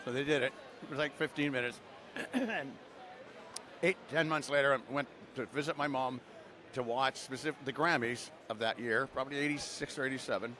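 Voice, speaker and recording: A man's voice: medium pitch, fairly even intonation, fast talker, pushed and bright, a little hiss or hum. An older man from Canada, a voice actor guest, telling long rambling stories full of fillers and restarts in a casual interview outdoors at a convention.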